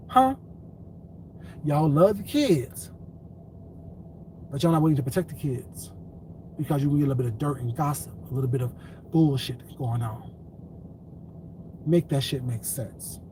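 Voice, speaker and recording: A high-voiced man rants straight to his viewers, swearing freely and hammering the same point over and over. A faint hiss of background noise sits under the voice. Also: warm tone, poor audio. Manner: profane, repetitive, confrontational. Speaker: commentary vlogger. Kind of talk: ranting commentary vlog.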